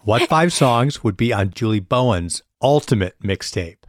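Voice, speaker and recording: A man's voice: medium pitch, expressive, moderate pace, dry recording, studio quality. A man hosting an interview, asking questions with a wry, self-mocking tone. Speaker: interview host.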